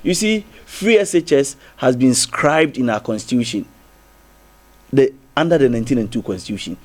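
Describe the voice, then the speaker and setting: Fairly quick and animated, a medium-pitched man with a Ghanaian English accent debates heatedly as a TV panel guest. He circles back again and again, restarting and throwing out rhetorical questions.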